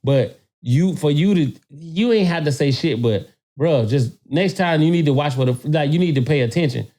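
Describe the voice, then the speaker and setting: A man telling a story in a casual podcast chat, animated and profane, often repeating words as he gets worked up. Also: fairly high pitch, normal speed.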